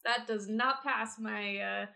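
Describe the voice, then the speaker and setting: A woman's voice: on the high side, fairly even intonation, slow pace, gravelly, pushed and bright. A woman playing a bard in a tabletop game, chattily describing what her character does. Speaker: player. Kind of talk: casual tabletop play.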